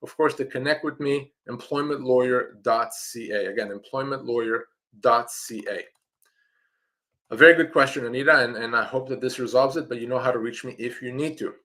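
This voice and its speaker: A middle-aged Canadian employment lawyer answers viewer questions in a live-streamed advice Q&A. His voice is middle-range for a man with a fairly bright tone, and he speaks directly and emphatically, circling back to repeat key points.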